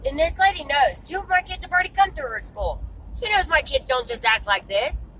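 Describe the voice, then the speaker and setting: A woman's voice: high-pitched, animated, brisk, pushed and bright, slight background noise, poor audio. A woman, venting to camera in a blunt, exasperated way and swearing freely. She sounds frustrated. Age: 30s. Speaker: vlogger and mother.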